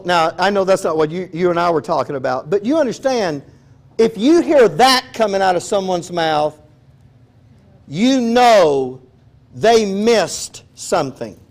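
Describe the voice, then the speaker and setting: A man's voice: extremely high pitch, expressive, a little slow. A man preaching a conversational sermon in a folksy way, acting out quoted prayers and asides. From Texas.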